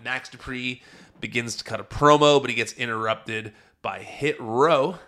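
This is a young man hosting a podcast and walking listeners through a wrestling episode in an easygoing, conversational way. His voice sits at an ordinary male pitch with a bright, forward tone. He chuckles often as he goes. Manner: chatty, laughs often while telling. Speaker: podcast host. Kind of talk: casual wrestling show recap.

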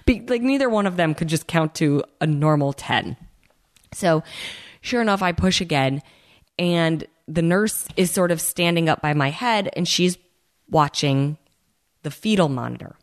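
A woman telling her own story in a casual, animated way, acting out the people she quotes and speaking straight to her listeners. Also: low voice, unhurried, dry recording, studio quality. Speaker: host telling a personal story.

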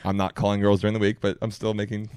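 A man's voice: on the low side, monotone, a little mellow, clear, resonant tone, dry recording, clean studio sound. A man in his thirties, a podcast guest, joking around and often cutting in. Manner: fast, joking, interrupting. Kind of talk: casual chat.

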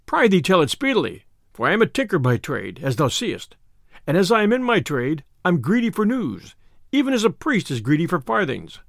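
A man voicing a boastful, quick-tempered tinker who blusters in old-fashioned speech, read in a storybook telling. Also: high voice, wildly swooping pitch, gravelly, no room sound, studio quality, heavily acted. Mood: blustering. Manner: blustering, loud archaic speech.

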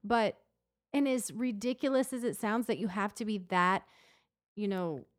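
A woman's voice: medium pitch, moderate pace, no echo, studio quality. A middle-aged woman co-hosting a podcast, talking candidly and laughing easily in casual chat. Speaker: podcast co-host. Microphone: studio mic.

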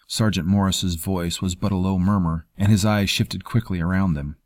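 A man reading a fantasy story in measured, scripted narration. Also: low voice, steady tone, a little mellow, dry recording, studio quality. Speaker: audiobook narrator.

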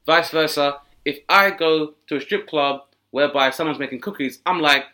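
A man, a comedian guest, riffing with animated storytelling and jumping into high-pitched voices for the characters he describes. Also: moderate pace.

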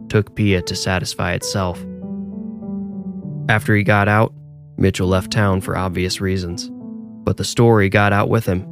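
A man reading a scripted horror story aloud in a measured, low-key storytelling manner.

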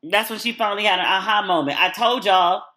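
Woman podcast host, crisp bright tone, chatty and blunt opinions. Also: medium pitch, brisk. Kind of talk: casual solo chat.

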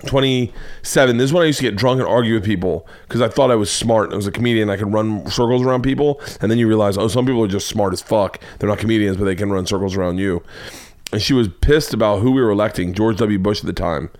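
An American man in his forties talks through his own comedy show in a loose, rambling monologue. He swears freely and tells stories with animated energy. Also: lowish voice, fast talker. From United States. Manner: profane, rambling, animated storytelling. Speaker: comedian podcast host.

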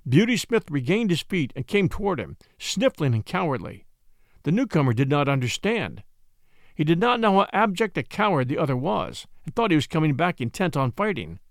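Expressive man reading a storybook. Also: a little high, normal speed, no room sound, studio quality. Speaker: audiobook narrator. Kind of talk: scripted storybook narration.

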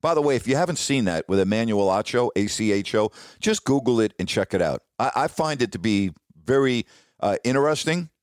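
A man's voice: mid-range voice, expressive, a little fast, dry recording, studio quality. A middle-aged man, a former sportscaster, telling a long personal story in a rambling, self-interrupting way. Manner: rambling, self-interrupting, quotes others in dialogue. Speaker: former sportscaster, podcast host. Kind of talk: casual storytelling monologue.

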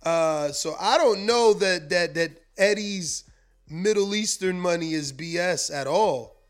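A man's voice: high-pitched, unhurried. A man hosting a live boxing stream, talking casually, rambling and repeating words as he reads out viewer comments. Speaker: boxing show host.

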